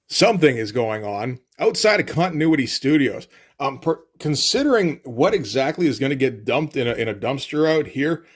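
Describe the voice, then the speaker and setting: A man talks through a comic book page by page in a loose, wry manner. He rambles and fills his pauses with "like" and "uh" without ever sounding rushed. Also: a little high. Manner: wry, rambling, frequent fillers. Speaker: comic reviewer. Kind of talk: casual comic commentary.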